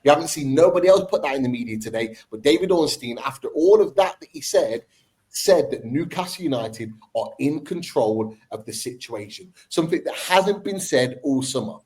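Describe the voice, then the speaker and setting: A man's voice: medium pitch, animated, normal speed, a little mellow, rough recording. A man hosting a football fan podcast, debating with passion and repeating his points for emphasis.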